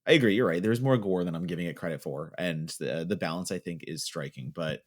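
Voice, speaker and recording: Deep-voiced rambling man. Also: fast. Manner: rambling, many fillers. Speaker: podcast host. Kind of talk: casual podcast chat.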